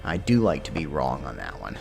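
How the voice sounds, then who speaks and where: Male game streamer, deep and animated, rambling history tangents over background music. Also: a little fast, vocal fry. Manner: chatty, rambles into history asides. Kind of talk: casual gameplay commentary.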